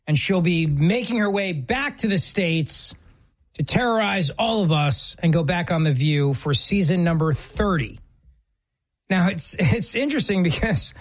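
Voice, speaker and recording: A man hosting a talk radio show, bantering with a producer in a wry, joking way. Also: sits high. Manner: wry, joking, lively delivery.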